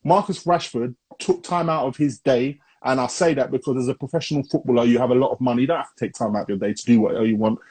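A man co-hosting a podcast, talking in a slangy, animated way and often repeating himself. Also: medium pitch, quick pace, few pauses, slightly rough. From Barbados heritage. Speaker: podcast co-host. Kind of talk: casual chat.

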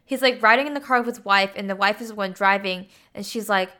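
A woman recounts a movie's story in a loose, chatty way, leaning on filler words as she goes. Her voice is bright and crisp, sitting at an ordinary pitch. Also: fast talker. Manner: chatty, with frequent 'like' and 'you know'. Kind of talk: casual film plot retelling.

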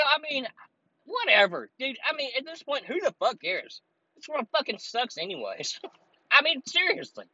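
A man records his ranting solo podcast from behind the wheel, swearing and rambling in a heated way over a running air conditioner. His voice is very high, bright and forceful. The sound is lo-fi with no echo.

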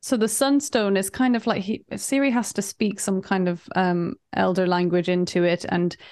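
A woman's voice: medium pitch, fairly even intonation, normal speed, a little mellow, no room sound, studio quality. A woman co-hosting a podcast, recapping a game in casual, chatty talk, often laughing. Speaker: podcast co-host.

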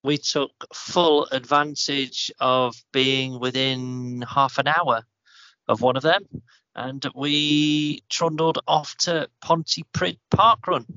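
A man's voice: medium pitch, steady tone, slow, bright, forceful tone, no echo. A man co-hosting a running podcast, telling a weekend story in a rambling, easygoing way. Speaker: podcast co-host. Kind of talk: casual chat. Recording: slightly dull, dry sound.

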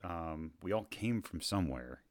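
A man's voice: deep voice, lively intonation, normal speed, dry recording, clean studio sound. A man from the United States hosting a casual whiskey tasting chat, explaining at length with many fillers and restarts.

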